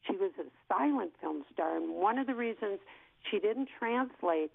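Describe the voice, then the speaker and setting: A woman in her sixties, an actress, telling an animated story in an interview and acting out what people said. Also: medium pitch, normal speed, vocal fry, husky, no room sound. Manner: lively storyteller who acts out what people said. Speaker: actress guest. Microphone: telephone. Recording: tinny phone line.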